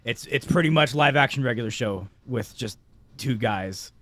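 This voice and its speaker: A man's voice: mid-range voice, normal speed, fairly bright tone, a little hiss or hum. A man from Britain chatting on a podcast, rambling and swearing heavily. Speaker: podcast co-host. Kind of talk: casual chat.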